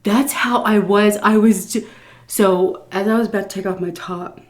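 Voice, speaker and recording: A woman's voice: mid-range voice, steady tone, normal speed, a little mellow. Laughing, foul-mouthed woman telling a story. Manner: laughs often while telling, blunt and profane; self-mocking, embarrassed confessional tone. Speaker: vlogger. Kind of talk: casual story time.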